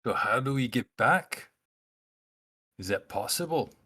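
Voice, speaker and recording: A man playing in a tabletop game, calmly asking questions and sometimes speaking in character. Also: medium pitch, measured pace. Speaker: player. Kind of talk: casual tabletop game play.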